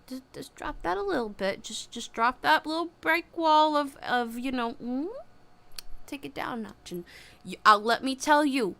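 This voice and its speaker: A chatty woman reads tarot on a livestream, rambling freely and speaking frankly. Her voice is bright and a little high, and it sounds close to a webcam mic. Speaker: tarot reader. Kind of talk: casual livestream tarot reading.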